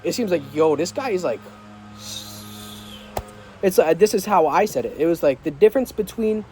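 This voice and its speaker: This young man's high, dark-toned voice carries lively intonation at a normal speed, broken by long pauses, with soft music behind it. He's vlogging outdoors in the rain as a vehicle passes, telling a casual, slangy, filler-filled story and acting out dialogue in various tones.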